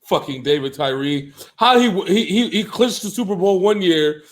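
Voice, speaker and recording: A man in his thirties co-hosting a casual sports show, loud, laughing and swearing often. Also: sits high, expressive, normal speed. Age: 30s. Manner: loud, laughing, profane trash talk. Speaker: co-host. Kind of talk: casual sports podcast banter. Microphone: remote call.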